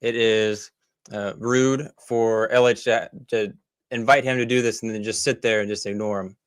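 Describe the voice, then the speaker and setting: A man's voice: on the low side, fairly even intonation, normal speed, clear, resonant tone, no echo, studio quality. A man giving casual commentary over clips, rambling with many fillers and restarts, critical and exasperated. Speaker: commentary host.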